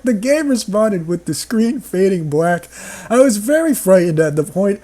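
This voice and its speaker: Here a man with a somewhat high, darkish-toned voice reads from a horror story and commentates on it. He tears into the text with sarcasm, regularly erupting in laughter and outbursts.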